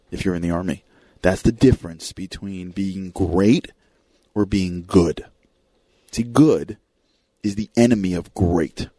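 Low-voiced male talk radio host. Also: dark tone, slightly rough, no echo. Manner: storytelling, acts out quoted voices.

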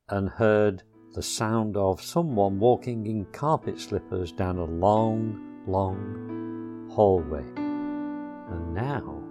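A man reading a children's storybook chapter aloud, slow and expressive. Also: lowish voice, faint music behind.

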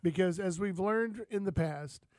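A man's voice: sits high, unhurried, no room sound. A man hosting a talk show, rambling through folksy stories in casual chat. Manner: rambling, folksy, animated storytelling. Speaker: outdoors show host.

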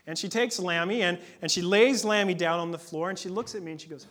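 High-voiced man preaching a sermon. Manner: conversational, earnest, with dramatic pauses and hushed moments. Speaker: pastor.

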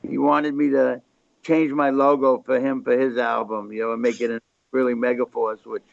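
A man's voice: medium pitch, little pitch movement, moderate pace, no echo. An older man, a record label founder, telling rambling anecdotes as a guest in a casual interview. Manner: rambling anecdotes, gravelly chatty delivery. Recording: slightly muffled dry recording.

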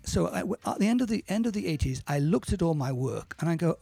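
A man talking in a casual interview, telling stories in a halting, self-correcting way and acting out the quotes. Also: fairly high pitch, expressive, gravelly, mellow, husky, no room sound, faint music behind. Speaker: interview guest, musician and producer. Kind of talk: casual storytelling in conversation.

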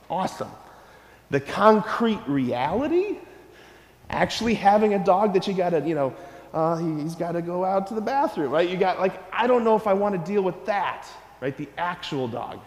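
A man who is a priest, giving a lively, conversational homily to children at Mass and asking them questions. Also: sits high. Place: large church. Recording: echoey church hall, from a distance.

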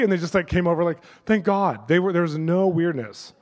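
Middle-aged pastor guy, talks super quick, sermon full of animated stories. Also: fairly high pitch, long reverb tail. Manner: animated, acts out the people in his stories. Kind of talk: sermon storytelling.

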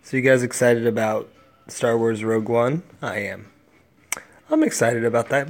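Tired, rambling man with a gravelly voice. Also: mid-range voice, animated, moderate pace. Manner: rambling, distracted, talks to his cats. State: tired, yawning. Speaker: podcast host. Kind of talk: casual solo chat.

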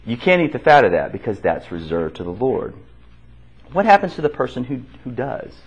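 Man teaching a lively Bible class. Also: medium pitch, fairly quick. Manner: asks the class questions and repeats their answers; conversational, with restarts. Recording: dull lo-fi classroom recording.

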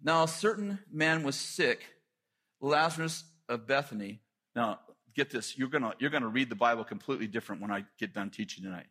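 A middle-aged man preaching a sermon, telling stories with lively asides and quick jokes. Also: mid-range voice, breathy edge. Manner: animated storytelling with quick asides.

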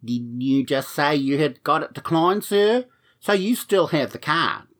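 A patient bank agent on the phone answers every protest in a flat, polite tone, as a male storyteller plays him. He stays unbothered, ending each point with a courteous "sir". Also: on the high side, measured pace, voice pushed up. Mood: dry.

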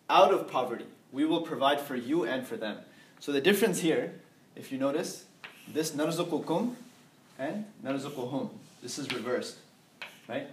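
A man's voice: a little high, slight background noise. A man teaching an Islamic lecture to a class, explaining step by step, mixing in Arabic phrases and checking that students follow. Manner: explains slowly, asks class if they understand; mixes in Arabic terms and phrases.

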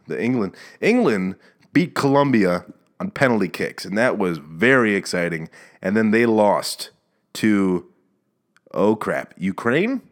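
A man hosting a solo podcast, rambling and self-mocking in a jokey tone. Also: fairly low pitch. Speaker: podcast host.

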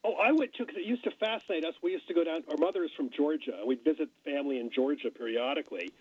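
A husky, slightly high-voiced middle-aged man chats as a radio guest, musing and restarting his sentences often. His voice comes through a dull, dry studio sound. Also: fast talker, no echo. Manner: chatty, musing, many restarts. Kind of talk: casual radio conversation.

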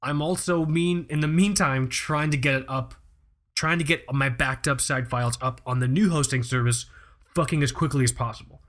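A man's voice: medium pitch, steady tone, moderate pace, fairly bright tone. A man co-hosting a podcast, ranting in a profane, exasperated way and laughing often. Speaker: podcast co-host. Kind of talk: casual podcast chat.

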